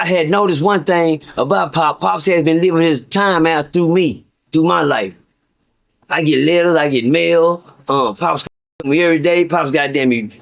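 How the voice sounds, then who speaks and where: Middle-aged man, higher pitch, casual storyteller, profane, stammering repeats. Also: vocal fry. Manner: profane, repetitive, stammering restarts. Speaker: guest storyteller.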